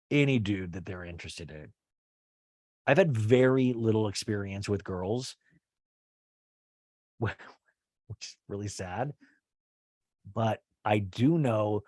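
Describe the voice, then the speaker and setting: A man's voice: fairly low pitch, a little mellow, no room sound, clean studio sound. A young man hosting a comedic podcast, rambling through a reality-show recap in a profane, loose way with lots of "like". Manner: rambling and profane, heavy use of "like".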